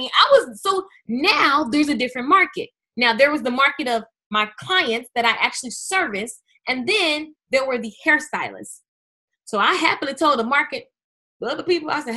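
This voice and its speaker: A woman hosting a business webinar, speaking in an energetic, chatty way straight to her viewers. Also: high voice, normal speed. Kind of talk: live webinar talk.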